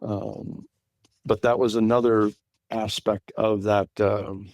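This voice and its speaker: A man's voice: fairly low pitch, level tone, takes it slowly, a little mellow, no echo. A middle-aged man from California recounting an encounter in a rambling way, restarting his sentences often over a remote call. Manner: rambling, many restarts and fillers. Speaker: guest witness. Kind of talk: casual interview storytelling.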